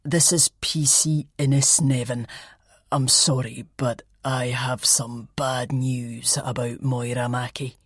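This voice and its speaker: A woman voicing an older male police detective who speaks slowly and insistently, with an ominous weight. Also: rumbling low, level tone, husky, dry recording, clean studio sound, pitched below the performer's own voice, exaggerated voice. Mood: grave.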